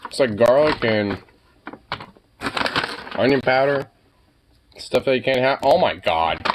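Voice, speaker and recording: Lively young man, casual reaction chatter. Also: medium pitch, slow pace, background noise. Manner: laughing, swearing, exclaiming often. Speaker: streamer reacting to pet pictures.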